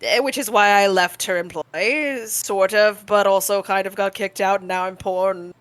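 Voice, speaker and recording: A woman's voice: mid-range voice, moderate pace, smooth, no room sound. A woman tabletop player who chats casually, rambles through lore explanations and swears freely.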